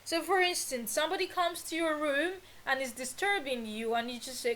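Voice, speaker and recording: Patient high-voiced woman teaching idioms. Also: normal speed, hardly any pauses, a bit bright, poor audio. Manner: patient, repeats phrases for learners. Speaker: English teacher. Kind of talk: idiom lesson, slow and explanatory.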